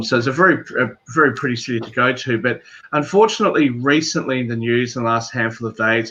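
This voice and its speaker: A man with an Australian accent, a guest speaking in a measured, thoughtful way in casual chat. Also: medium pitch, pushed and bright. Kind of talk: casual video call chat. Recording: dull lo-fi audio.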